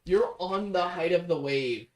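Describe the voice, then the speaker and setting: A man's voice: high-pitched, lively intonation, measured pace, a little hiss or hum, rough recording. A man playing a tabletop game, making short blunt remarks about his dice rolls. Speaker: player. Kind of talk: casual tabletop chat.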